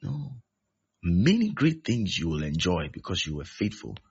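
A man's voice: deep voice, very animated, a little slow, creaky, slight background noise. A man preaching a sermon, emphatic and repeating his key phrases. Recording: dull lo-fi recording.

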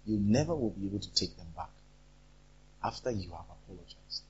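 A man's voice: low voice, a little fast, slight background noise. A man preaching a sermon, acting out quarrels as he talks. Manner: animated, acts out quarrels in different voices. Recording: dull lo-fi recording.

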